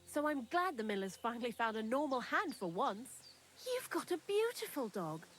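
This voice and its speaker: A woman voices a chatty young woman hiding out in a thieves' lair in a video game, sounding candid and dryly morbid. Her voice is a little high with big pitch swings and a moderate pace, and there's slight background noise.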